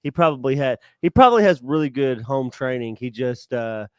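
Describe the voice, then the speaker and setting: A man co-hosting a podcast in casual chat, musing out loud with halting restarts and repeated words. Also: medium pitch, lively intonation, clear, resonant tone, no echo. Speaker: podcast co-host.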